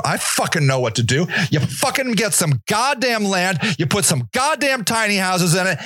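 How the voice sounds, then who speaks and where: A man hosting a podcast, delivering an angry, profane monologue rant, often shouting. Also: sits high, big pitch swings, unhurried, dry recording, clean studio sound. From Northeast Ohio. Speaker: podcast host.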